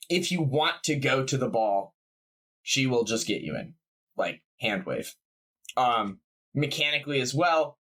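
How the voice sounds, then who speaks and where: A man's voice: mid-range voice, a bit bright. A man running a tabletop game as game master, talking casually with fillers. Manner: casual, rambling, many fillers.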